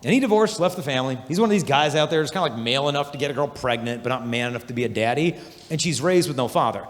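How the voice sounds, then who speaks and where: A man giving an energetic youth conference talk, telling animated stories and acting out the voices of people he describes. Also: medium pitch, racing. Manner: animated storytelling, acts out quoted voices. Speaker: conference speaker. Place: large hall. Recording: long hall reverb.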